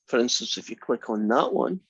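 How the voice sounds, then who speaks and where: This math instructor from Scotland lectures fairly quickly in a gravelly, husky mid-range voice. His humor is dry and teasing, his manner laid-back and conversational. The sound is close and dry with no echo, but muffled and lo-fi.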